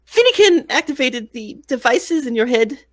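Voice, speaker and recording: An earnest young girl, played by a woman, rambles through family history in a high voice. She stops, restarts and trails off as she talks. It is a tabletop role-play. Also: big pitch swings. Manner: rambling, halting, many restarts.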